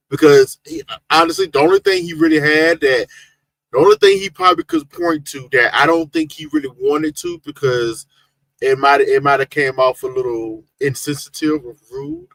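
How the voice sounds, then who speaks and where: Gravelly, lively-voiced man co-host. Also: fairly high pitch, dry recording, rough recording. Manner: easygoing, laughs often, halting restarts. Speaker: podcast co-host. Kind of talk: casual livestream chat.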